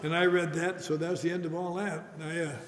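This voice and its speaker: An older man with a somewhat high voice speaks fast in a level tone, telling his recovery story at a meeting with wry, self-mocking humor. The audience laughs in a large hall, and the recording is echoey with faint noise.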